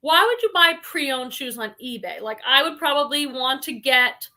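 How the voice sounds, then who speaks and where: A woman hosts a relaxed livestream and talks freely with her viewers. Her voice is high and sharply bright. She reads their comments aloud and fills her talk with "like" and "um". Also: normal speed. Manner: frequent "like" and "um" fillers. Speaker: reseller livestream host. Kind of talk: casual livestream chat.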